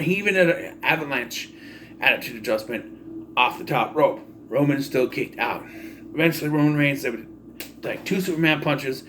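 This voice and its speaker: A man's voice: medium pitch, a bit bright, slight background noise. A man giving casual, sarcastic commentary as a wrestling vlogger, ranting with mock-announcer flourishes.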